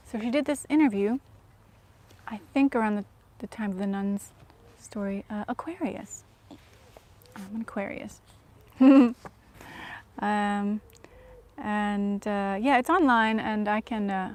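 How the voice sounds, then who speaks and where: A woman vlogger chatting casually to viewers, soft-spoken and often dropping to a whisper, self-deprecating. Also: mid-range voice, measured pace, pauses often.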